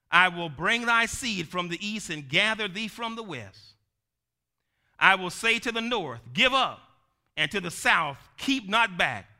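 Emphatic preacher with a bright, gravelly voice. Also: male voice. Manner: emphatic, rising to shouts then dropping low; repeats lines for the congregation to say. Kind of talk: sermon.

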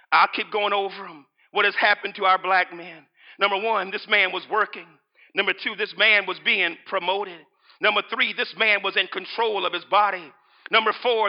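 A male pastor preaching a sermon, repeating lines, shouting at times and reading scripture aloud. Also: extremely high pitch, gravelly, lo-fi sound.

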